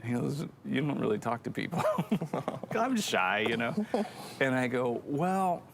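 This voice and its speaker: A man's voice: mid-range voice, very animated, moderate pace, vocal fry, fairly bright tone, a little hiss or hum. A middle-aged man co-hosting a church show, telling a rambling, self-deprecating story in casual chat.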